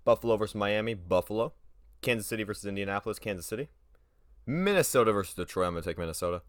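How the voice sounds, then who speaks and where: A man's voice: lowish voice, animated, rapid-fire, no echo, clean studio sound. A young man talking casually through sports predictions on his own video, rambling, trailing off and correcting himself as he goes.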